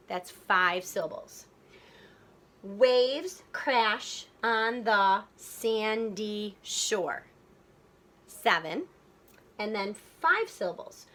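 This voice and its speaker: Bright-voiced woman teaching a lesson. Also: fairly high pitch. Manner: patient, explains step by step with many ums. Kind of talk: recorded classroom lesson for students. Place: classroom. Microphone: phone filming chart paper.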